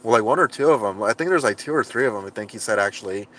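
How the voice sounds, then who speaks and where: A man's voice: fairly low pitch, expressive, racing, fairly bright tone. A man live-streaming from inside his car, reading viewer comments and rambling with frustration, often restarting his sentences and laughing at himself. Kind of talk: casual livestream chat.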